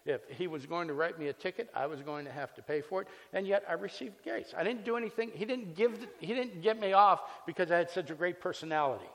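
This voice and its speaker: A male pastor delivering a sermon, slipping from solemn scripture reading into an easygoing personal anecdote. His voice sits a little higher than most men's. It rings out with a long reverb, as if filling a large church sanctuary. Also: fast, few pauses, a bit bright. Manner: conversational storytelling with scripture reading.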